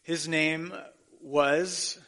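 Male pastor, forties, bright, fairly high voice, earnest conversational preaching. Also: fairly even intonation, extremely slow. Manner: earnest, conversational preaching with self-deprecating asides. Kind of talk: sermon.

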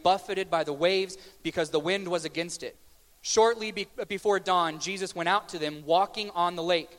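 A man preaching a sermon in a conversational, joking way, slowing down for emphatic questions. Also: high-pitched, a bit bright, in a large hall.

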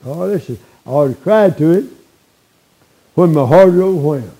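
An elderly preacher in his eighties delivers a homespun sermon, his voice sitting fairly high yet soft and mellow. He talks in a folksy, conversational way, peppering his points with "all right?" and small chuckles. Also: normal speed, low-quality recording. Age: 80s. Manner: folksy, frequent tag questions like "all right?".

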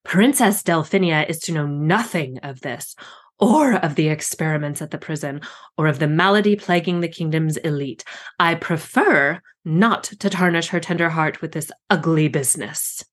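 Woman voicing a cold commanding queen, clipped, slow, imperious, storybook reading. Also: low-pitched. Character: stern commanding queen, middle-aged woman.

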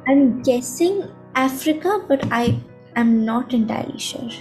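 A woman's voice: sits high, animated, measured pace, darkish tone, soft background music. A thirteen-year-old girl answering podcast questions thoughtfully, with some hesitation. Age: teens. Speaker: guest. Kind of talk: casual chat.

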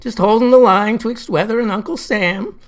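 A woman's voice: on the high side, moderate pace, natural voice. A stubborn, folksy farmer, as a woman narrator puts him on speaks with old-timey country phrasing. He has a plainspoken, rural way of talking.

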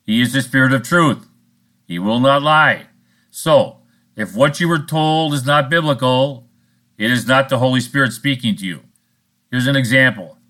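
A man's voice: mid-range voice, moderate pace, pushed and bright. A man preaching a sermon in a blunt, scolding, sarcastic manner. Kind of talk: recorded sermon monologue.

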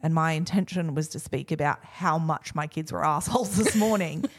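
A woman co-hosts a podcast, chatting casually and mocking herself while acting out what other people said. Her voice is low-pitched and she speaks at a moderate pace.

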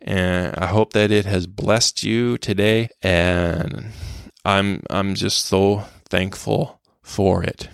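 A man hosting a devotional podcast, speaking earnestly and from the heart about faith, with some halting restarts, and closing in prayer. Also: low-pitched, steady tone, vocal fry, clean tone, no echo, clean studio sound. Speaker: podcast host.

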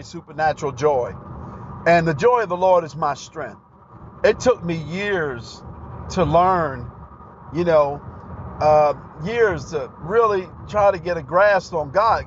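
Fervent high-voiced preacher. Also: male voice, a little hiss or hum. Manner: fervent, bursts into shouted praise. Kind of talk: broadcast sermon testimony. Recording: dull lo-fi broadcast recording.

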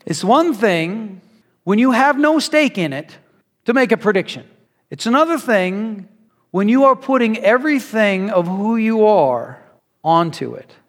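A man preaches a sermon and tells stories in a conversational, animated way. His voice sits high. The sound has a long reverb, as in a big hall or church. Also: measured pace. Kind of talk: sermon with storytelling.

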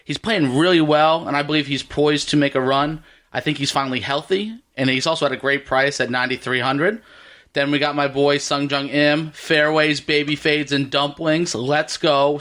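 A man's voice: a little high, a bit bright. A man co-hosting a golf podcast, listing his picks and wrapping up the episode in an upbeat way. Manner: upbeat, wraps up the show. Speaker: podcast co-host. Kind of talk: casual golf betting chat.

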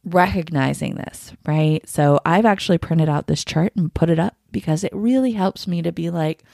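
A woman hosting a solo podcast, talking candidly and gently, laughing often as she reflects. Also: fairly low pitch, moderate pace, gravelly, no room sound, clean studio sound. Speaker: podcast host.

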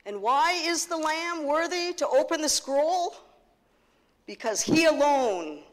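Woman pastor, unhurried sermon delivery, emphatic repetition, echoing sanctuary sound. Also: on the high side. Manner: slow, earnest preaching with emphatic repetition. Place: church sanctuary. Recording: long reverb of a church hall.

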